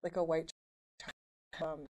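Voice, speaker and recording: Woman from Wisconsin, band member, rambling and animated, slightly low voice. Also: unhurried. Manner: rambling, animated storyteller with many fillers. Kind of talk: casual radio interview chat.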